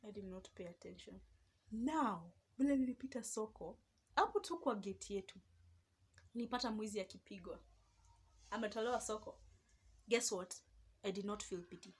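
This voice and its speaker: A young woman with a Kenyan accent, telling a personal story in a lively, casual vlog and slipping between Swahili and English. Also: mid-range voice, moderate pace, pauses often, breathy edge. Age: young adult. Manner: animated, mixes Swahili and English. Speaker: vlogger.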